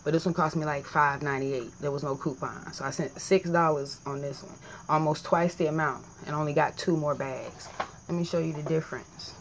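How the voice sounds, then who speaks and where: A woman vlogging in a casual, animated and profane way, joking as she compares tea bags to camera. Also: low-pitched, fairly quick, noisy background. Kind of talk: casual chat.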